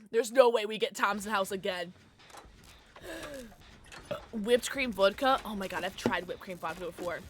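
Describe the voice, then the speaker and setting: A young woman streaming a game, chatting with viewers casually, jumpy and excitable, swearing and shrieking when scared. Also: medium pitch, measured pace, pauses often, noisy background. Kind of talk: casual gaming livestream chat.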